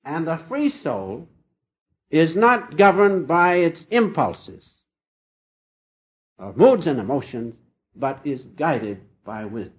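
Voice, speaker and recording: Older male spiritual teacher, folksy and gently humorous, lively pitch, muffled vintage tape. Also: slow pace, long pauses. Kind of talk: informal spiritual talk. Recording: dull lo-fi old recording.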